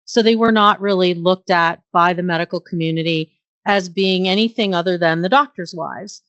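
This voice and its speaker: This middle-aged nurse practitioner has a lowish, slightly bright voice and talks at a normal speed. Guesting in a storytelling interview, she earnestly relates anecdotes from her career with many ums and uhs, captured in a dry, dull-sounding recording.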